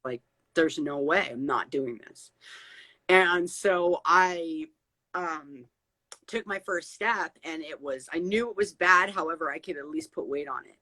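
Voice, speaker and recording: A woman's voice: low-pitched, unhurried, sharp tone, dry recording, poor audio. A woman guest telling a personal testimony on a video call, emotional and repeating phrases as she goes. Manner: tearful, repeats phrases when moved. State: crying.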